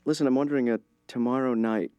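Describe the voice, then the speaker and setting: A man talking to his father, hesitant and awkward, with deadpan sarcasm. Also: medium pitch, quick pace, smooth, no echo.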